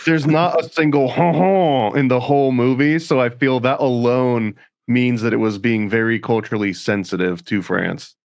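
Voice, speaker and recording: A man with a mid-range voice trades dry, deadpan quips on a podcast. He sounds close and dry, with no room around him. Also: medium pitch, moderate pace, few pauses, no room sound. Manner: wry, deadpan jokes. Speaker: podcast co-host. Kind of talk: casual chat.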